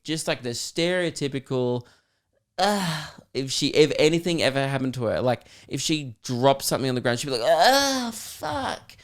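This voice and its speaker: Swearing Australian comedian telling a story. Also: male voice, medium pitch, clear, resonant tone. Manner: animated, swearing, rambling. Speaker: comedian and podcast host. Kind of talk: casual storytelling.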